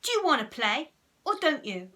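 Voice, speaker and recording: A woman doing a loud, bossy boy pirate captain from a children's storybook, swaggering and scheming. The voice is bright and lifted, always ordering others about. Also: high-pitched, big pitch swings, normal speed, pitched above the performer's own voice, full character voice. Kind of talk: children's storybook read-aloud.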